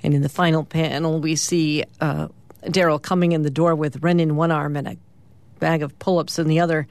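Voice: mid-range voice, little pitch movement, dry recording. Easygoing radio host reading comics. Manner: easygoing, with fillers and pauses. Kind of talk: reading comic strips aloud.

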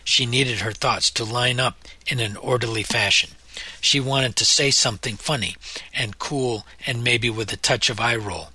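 A man narrating a novel in a measured storytelling manner. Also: mid-range voice, pushed and bright, husky. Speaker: audiobook narrator. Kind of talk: scripted narration.

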